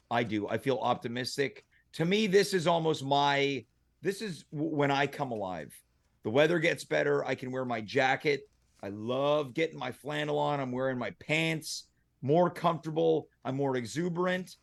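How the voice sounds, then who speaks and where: Gravelly male talk show host. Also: medium pitch, animated, moderate pace. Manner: playful, upbeat, teasing. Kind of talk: casual chat show hosting.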